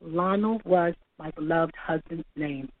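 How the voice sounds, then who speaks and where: A woman's voice: low-pitched, a little slow. A woman guest telling her faith story with fervent, dialogue-filled storytelling on a talk show. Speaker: guest author. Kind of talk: testimony on a phone-in show. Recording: phone line, dry.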